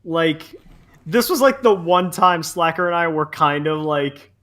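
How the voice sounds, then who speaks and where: A man's voice: a little high, lively intonation, unhurried, a bit bright. A young man from Central New Jersey, co-hosting a podcast in a casual, rambling chat full of fillers. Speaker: podcast co-host.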